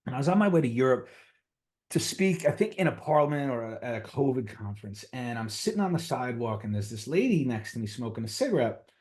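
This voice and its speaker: A middle-aged man with a New York accent, a physician guest on a conversational interview, telling stories with lively pitch swings. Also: fast. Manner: animated storyteller, voices quotes with big pitch jumps.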